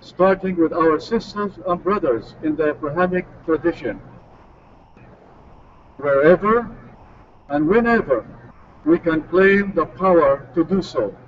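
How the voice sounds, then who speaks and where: Man with a fairly high voice, formal and solemn church statement, muffled distant sound. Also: a little slow, pauses often. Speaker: church advocate reading a statement. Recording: distant dull recording with faint noise.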